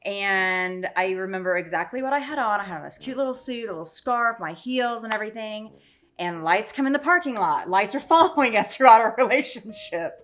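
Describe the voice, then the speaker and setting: A woman's voice: medium pitch, brisk. A middle-aged woman casually telling a funny story about her husband, laughing as she goes. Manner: lively, laughs through the story. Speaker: wife of the storyteller.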